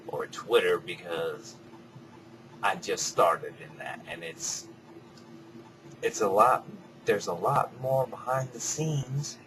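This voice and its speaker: A man rambling in a casual, reflective monologue, swearing freely and drifting between soft mutters and louder bursts. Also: medium pitch, background noise. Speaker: vlogger.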